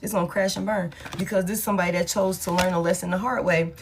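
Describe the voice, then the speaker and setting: Woman, tarot reader, casual reading, blunt and profane, fairly low voice. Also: fairly even intonation, fast, a little hiss or hum. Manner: blunt, profane, talks straight to her viewers.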